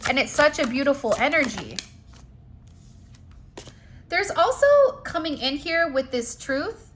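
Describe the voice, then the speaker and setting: A woman with a high, bright voice gives a spiritual reading straight to her viewers. She is chatty and emphatic and uses plenty of casual fillers. The tone is conversational and encouraging throughout. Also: lively intonation, measured pace, a little hiss or hum. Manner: chatty, emphatic, addresses viewers directly with "like" and "you know". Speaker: spiritual card reader. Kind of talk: direct-to-camera spiritual reading.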